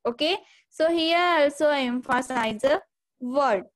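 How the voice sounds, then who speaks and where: A woman's voice: high-pitched, a little slow. A woman teaching a grammar lesson, explaining step by step and saying "okay" again and again. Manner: repeats "okay" and "see here" often, explains step by step.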